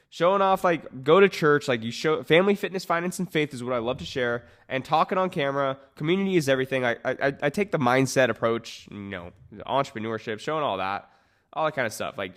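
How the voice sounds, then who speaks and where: A man coaching service businesses on social media in a casual talking-head video, energetic and emphatic, with many "like" fillers. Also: fairly high pitch. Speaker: marketing coach.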